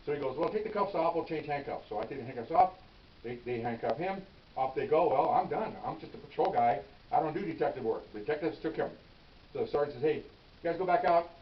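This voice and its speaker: A man's voice: on the high side, animated, fast talker. An older man, a retired police officer, casually telling a story from his career and acting out the dialogue with frequent asides. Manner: conversational, acts out dialogue, frequent "okay?" asides. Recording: roomy, distant, dull lo-fi sound with faint hiss.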